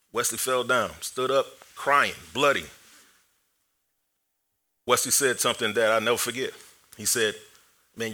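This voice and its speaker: A man preaching a sermon through a personal story, joking and self-deprecating, laughing often and acting the story out with energy. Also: mid-range voice. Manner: animated storyteller.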